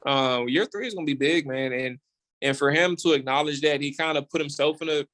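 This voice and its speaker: A man in a radio studio, a guest sports podcaster making his case with energy. He restarts and repeats words as he works through his argument. His voice sits a little high for a man. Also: brisk. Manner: animated and opinionated, repeats words while building a point. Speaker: podcast host, guest on the show. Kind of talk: casual sports radio talk.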